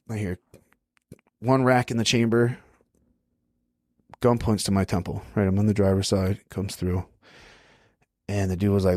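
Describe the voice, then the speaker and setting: Low-voiced man telling stories casually. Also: steady tone, normal speed, pauses often, a little mellow, no echo, studio quality. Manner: laid-back, frequent "right?" and "like". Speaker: podcast guest. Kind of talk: casual storytelling.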